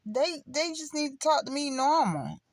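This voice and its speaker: A woman voicing the Most High as a puzzled, plain-spoken male deity who asks questions in a casual tone. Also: expressive, normal speed, dry recording, studio quality. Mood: baffled. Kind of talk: casual chat.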